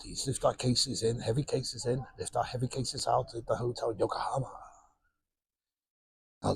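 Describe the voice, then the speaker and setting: A Welsh vlogger who reviews pubs chats casually to camera from a cruise ship bar, telling self-mocking stories into a small handheld microphone. His mid-range voice is gravelly and husky with a darkish tone, and there's no echo.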